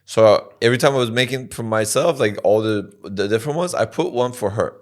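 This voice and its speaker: A man's voice: fairly low pitch, a little fast. A man co-hosting a podcast in casual chat, often laughing and swearing freely. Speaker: podcast co-host.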